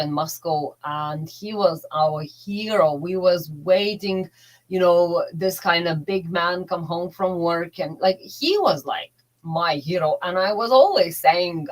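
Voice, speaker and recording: A middle-aged woman with a slightly low voice shares her own story as a relationship coach. She talks in a heartfelt, halting way, with broken grammar and emotional pauses. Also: poor audio.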